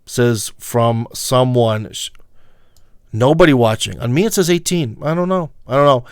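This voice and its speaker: A man's voice: mid-range voice, moderate pace, clean tone, dry recording, studio quality. A man with a Midwestern American accent, hosting a casual livestream and rambling to his viewers with many fillers and emphatic asides. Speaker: livestream host.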